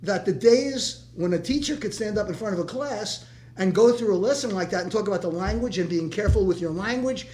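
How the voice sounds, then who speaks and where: A man's voice: high voice, a little fast, a little mellow. An older man, a former teacher, telling a long story with many restarts at a community discussion. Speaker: retired teacher in audience. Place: meeting room.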